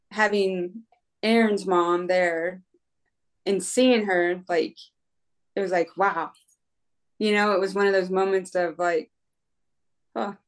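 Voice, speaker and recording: A woman from the United States telling a race story in a casual, chatty way. She laughs often, leans on "like" and "right?", and acts out her own inner voice. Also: mid-range voice. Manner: frequent fillers like "like" and "right?". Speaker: guest, ultra-runner.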